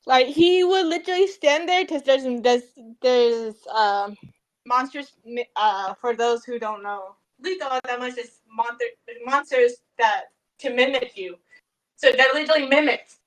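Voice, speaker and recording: Woman, casual podcast guest, higher voice, rambling giggly storyteller. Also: unhurried, poor audio. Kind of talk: casual chat.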